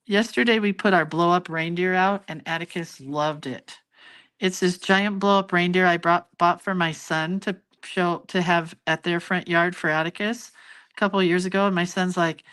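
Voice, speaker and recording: Her voice sits on the low side, clear and resonant with a bit of brightness, at a normal pace. She's an older hand-lettering and doodling teacher leading a relaxed live drawing lesson, chatting as she works and laughing off her mistakes.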